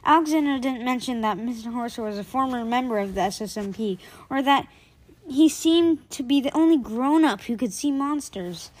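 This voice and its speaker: Woman narrator, kids' book read-aloud podcast; high voice, lively, chatty asides. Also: normal speed. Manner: lively, with casual asides to listeners. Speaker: podcast storyteller. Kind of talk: reading a children's book aloud.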